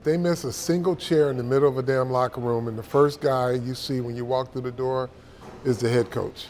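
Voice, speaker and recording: A former player speaking emphatically in a casual roundtable chat. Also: male voice, medium pitch, steady tone, brisk, darkish tone, a little hiss or hum.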